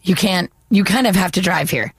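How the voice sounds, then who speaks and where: Woman from the us northeast, gravelly voice, emphatic and animated, dry sound. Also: on the low side, moderate pace, no room sound. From northeastern United States. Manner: animated, emphatic, laughs often. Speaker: panel guest. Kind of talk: casual panel chat.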